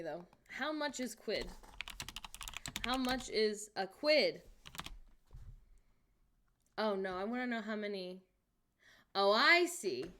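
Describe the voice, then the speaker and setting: A woman's voice: mid-range voice, sharp tone. A young American woman hosting a casual live stream, reading chat aloud, joking and laughing often, with incredulous outbursts. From United States. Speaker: livestream host.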